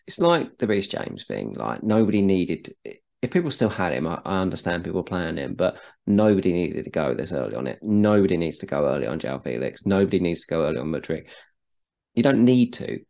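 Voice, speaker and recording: A man's voice: deep voice, big pitch swings, brisk, vocal fry, darkish tone. A man in casual podcast chat about football, talking loosely and repeating words as he restarts. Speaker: podcast co-host.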